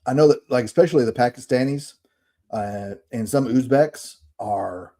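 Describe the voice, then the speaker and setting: A man with a Southern Alabama accent, chatting casually as a podcast co-host. His voice is dark and mellow, and he jokes around and laughs often. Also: mid-range voice, normal speed. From Alabama, USA.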